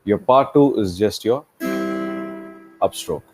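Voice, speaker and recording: A man with a very low voice teaches a one-to-one guitar lesson. He explains patiently, breaking the pattern into parts and counting the beats aloud. Clear guitar playing runs under his speech. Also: animated, takes it slowly. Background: acoustic guitar playing.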